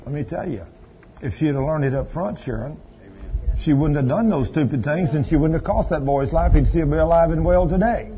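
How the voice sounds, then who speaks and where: A man's voice: on the high side, a little fast, lo-fi sound. A man preaching a sermon in church, emphatic and calling out to the congregation. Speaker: pastor. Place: church service.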